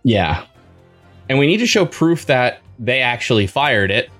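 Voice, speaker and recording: A man's voice: mid-range voice, big pitch swings, unhurried, a bit bright, soft background music. A man co-hosting a podcast in casual chat, rambling with lots of fillers and restarts. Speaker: podcast co-host.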